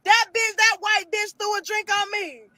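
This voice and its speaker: A woman telling a story in a loud, profane, laughing way, acting out what others said. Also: very high voice, level tone, moderate pace, no echo. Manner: loud, profane, laughing often, acts out quotes. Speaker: reunion show host recounting a fight. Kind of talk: casual storytelling.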